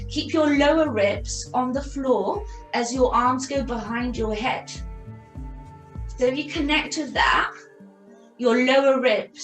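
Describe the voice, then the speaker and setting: A woman leading a yogilates class, calmly cueing breathing and counting repetitions. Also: fairly high pitch. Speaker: yoga and pilates instructor. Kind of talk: guided exercise class instruction. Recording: echoey room with soft music.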